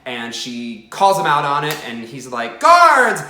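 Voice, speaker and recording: A man casually summarizing a story for laughs, hesitant and quick. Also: mid-range voice, bright, forceful tone, reverberant. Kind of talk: casual comedic retelling.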